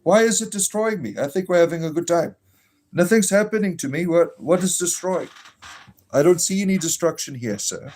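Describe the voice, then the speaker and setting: A man with a rather high, darkish voice and lively intonation speaks at a moderate pace while hosting a casual druid bard livestream. He reads chat, reacts with jokes, and blesses the people watching.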